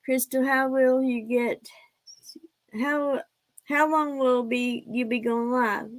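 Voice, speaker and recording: A woman's voice: high-pitched, fairly even intonation, slow pace. A woman chatting casually on a live stream, rambling and answering her viewers' comments.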